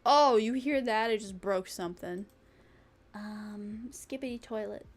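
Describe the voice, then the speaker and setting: A woman's voice: medium pitch, slow pace, a little hiss or hum. A young woman streaming, chatting casually and playfully, rambling and breaking into silly sing-song. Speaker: vtuber streamer. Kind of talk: casual live-stream chat.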